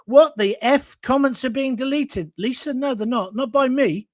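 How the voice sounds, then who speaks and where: With an extremely high pitch and a normal pace, a middle-aged English live-stream host rants bluntly at home by himself while going through viewer comments. He's combative and adds jokey asides, and the sound is dry and cleanly studio-recorded.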